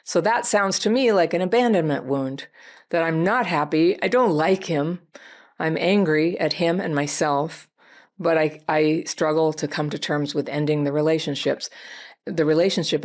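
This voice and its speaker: Answering a viewer's letter, a low-voiced woman advice host offers her counsel gently and reflectively, speaking directly to the person who wrote in.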